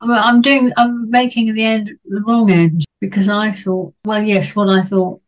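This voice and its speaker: The audio is poor as a woman with an ordinary mid-range voice and a level tone chats easily about a book on a club panel. She keeps pausing with ums and starting her sentences over.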